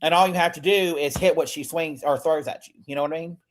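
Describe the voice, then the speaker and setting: A man's voice: fairly high pitch, fairly even intonation, fast talker, slight background noise. A man hosting a casual recap podcast, chatty, swearing casually and often laughing as he talks. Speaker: podcast host.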